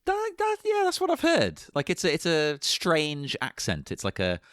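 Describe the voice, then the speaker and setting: A man's voice: a little high, wildly swooping pitch, moderate pace, a bit bright, no room sound, clean studio sound. A man co-hosting a podcast in casual chat, opening with a playful announcer delivery. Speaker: podcast co-host.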